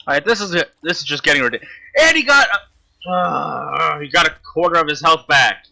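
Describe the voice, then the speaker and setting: A man's voice: a little high, expressive, fairly quick, creaky, pushed and bright. A man commentating his own gameplay, frustrated and swearing constantly at the enemy he is fighting. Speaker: gamer.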